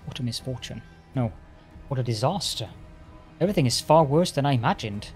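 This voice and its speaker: A grave inquisitor who trips over his words as he explains a dark threat, read by a man. The voice sits at a middling pitch, and a faint game soundtrack runs beneath it. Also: animated, soft background music, close to an everyday voice. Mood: shaken. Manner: halting, stammers over words. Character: shaken older male inquisitor, grave and careful.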